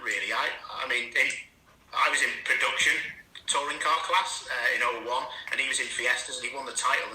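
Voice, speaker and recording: Man, 40s, former race driver, bright forceful voice, lively storyteller, echoey room. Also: mid-range voice, a little hiss or hum. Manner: animated storytelling with laughs. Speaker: racing driver turned commentator. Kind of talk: casual chat.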